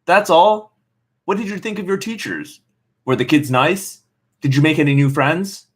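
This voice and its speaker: A man voicing a high, prying mother. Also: lively intonation, moderate pace. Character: tired cheerful middle-aged mother.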